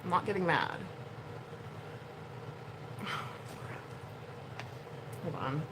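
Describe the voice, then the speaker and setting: Animated, lively-voiced woman chatting to camera. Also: on the low side, drawn-out words, noisy background. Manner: animated, expressive, swings between soft and loud. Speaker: YouTuber. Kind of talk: casual chat to camera.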